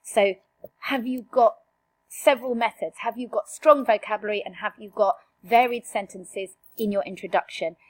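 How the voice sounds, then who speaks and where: A woman's voice: on the high side, moderate pace. A woman teaching an exam revision lesson, direct and emphatic, firing rhetorical questions at her students.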